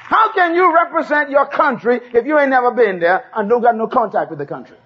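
A man's voice: very high-pitched, animated, brisk, slightly rough, a faint crowd. A man preaching a sermon, emphatic and repeating key phrases for the congregation to say back. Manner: emphatic call-and-response preaching. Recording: dull lo-fi sermon tape.

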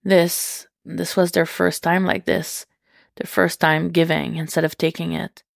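A woman reading fiction aloud in a measured, unhurried way. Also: on the low side, little pitch movement, vocal fry, no room sound, studio quality. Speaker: reader.

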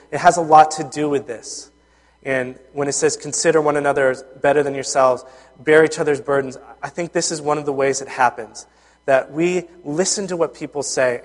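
Earnest man preaching in a reverberant hall. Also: medium pitch. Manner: earnest, conversational, with frequent fillers and restarts. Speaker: pastor. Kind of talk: sermon.

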